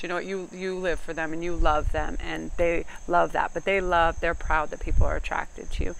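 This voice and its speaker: A woman's voice: fairly low pitch, flat delivery, brisk, creaky, few pauses, a bit bright, a little hiss or hum, low-quality recording. A woman giving a chatty tarot reading to camera, joking and laughing often as she talks. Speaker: tarot card reader. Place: outdoors. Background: faint crickets and insects.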